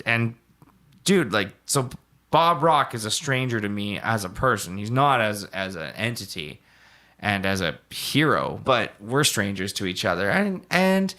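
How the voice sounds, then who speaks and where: A man's voice: medium pitch, a bit bright. Rambling young man, podcast co-host. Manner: rambling storyteller, many fillers. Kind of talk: casual chat.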